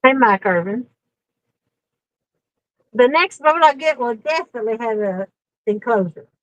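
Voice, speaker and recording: Woman, fishing livestream host, slow drawl, swoopy lively pitch, laughs a lot. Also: no echo, poor audio. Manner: laughs often, greets viewers by name. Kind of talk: casual livestream chat. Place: out on a fishing boat in the rain.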